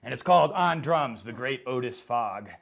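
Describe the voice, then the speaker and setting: A man, a poet, giving a live humorous poetry reading with deadpan, rhythmic comic delivery. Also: medium pitch, normal speed, gravelly.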